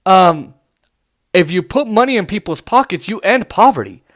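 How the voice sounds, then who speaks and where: A man's voice: high voice, animated, moderate pace, a bit bright. A man hosting a podcast, giving casual political commentary in a loose, chatty way with many fillers and restarts. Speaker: podcast host.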